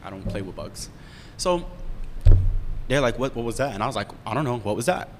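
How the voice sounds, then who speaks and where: Fast-talking young man telling a candid story. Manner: candid, profane, animated storytelling. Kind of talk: casual storytelling chat. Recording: roomy reverb with faint rumble.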